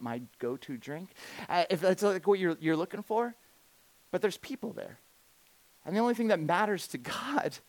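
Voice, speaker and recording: A man telling a humorous story in a sermon, animated and quick to restart his sentences. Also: a little high, dry recording. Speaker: speaker at a church gathering.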